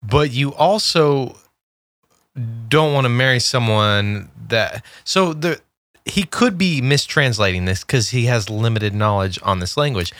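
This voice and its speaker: A man co-hosting a podcast, cracking jokes and interrupting with quick questions. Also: medium pitch, fairly bright tone, no room sound. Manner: joking, interjecting, laughs a lot. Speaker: podcast co-host. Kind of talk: casual chat.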